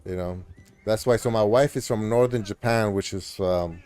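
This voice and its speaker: A man's voice: fairly low pitch, moderate pace, a little mellow, smooth. A man live-streaming a video game, chatting casually in a rambling, laid-back way with lots of fillers. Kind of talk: casual chat while gaming.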